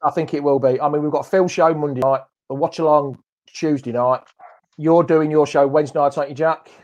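A man's voice: a little high, steady tone, brisk, darkish tone. A man from Leicester, hosting a football fan live stream in jokey, banter-filled casual chat. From Leicester, England. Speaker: host of a football fan show.

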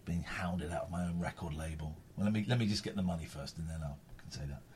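A man's voice: sits low, fast talker, darkish tone, slight background noise. A tired man, host of a casual live stream, rambling and repeating himself.

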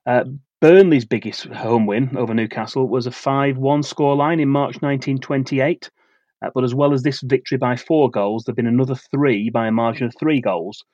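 Steady man reading football facts. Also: mid-range voice, no room sound, muffled recording. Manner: steady, measured delivery of facts and dates. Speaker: podcast co-host presenting match previews. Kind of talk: reading a prepared match preview.

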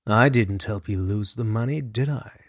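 Man doing a cold, quiet hitman. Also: normal speed, dry recording, studio quality. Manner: quiet, low, flat and menacing. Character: cold, brooding male hitman.

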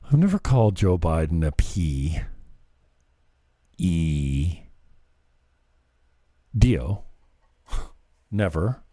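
Low, sarcastic male commentator. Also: very animated, measured pace, long pauses, mellow, no room sound, clean studio sound. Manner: sarcastic, jeering. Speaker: commentary host. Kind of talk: mocking commentary over clips.

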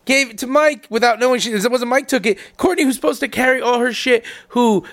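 A man co-hosting a casual chat, telling animated stories and laughing often. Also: very high-pitched, a little fast. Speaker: podcast co-host.

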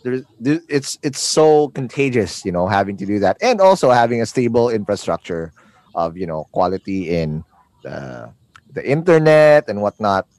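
A Filipino man hosts a podcast in a casual, digressive way, stumbling over repeated words as he builds his questions. His pitch rises and falls with lively swings. The sound is dry and close, with almost no room around it. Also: moderate pace, no room sound. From Philippines. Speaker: podcast host. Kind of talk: casual interview.

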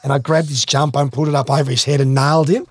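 A man's voice: mid-range voice, little pitch movement, fast talker, husky, no room sound. An Australian man telling rambling, swear-filled stories as a guest in a casual chat. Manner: swears freely, rambling anecdotes. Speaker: guest, former athlete. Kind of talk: casual storytelling.

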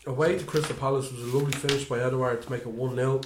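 A man co-hosting a casual football podcast, animated and quick to mimic players in high voices. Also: noisy background. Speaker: podcast co-host. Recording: echoey room.

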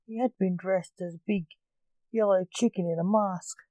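A woman narrating a storybook in a plain, measured way. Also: medium pitch, steady tone, mellow, no echo, low-quality recording. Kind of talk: storybook reading.

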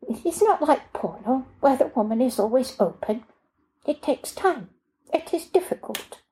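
A woman reading aloud and voicing a young immigrant cleaner, starved but calm, who speaks in a careful, formal way. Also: high voice, pitched above the performer's own voice, rough recording. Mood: calm, firm. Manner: measured, formal, unyielding.

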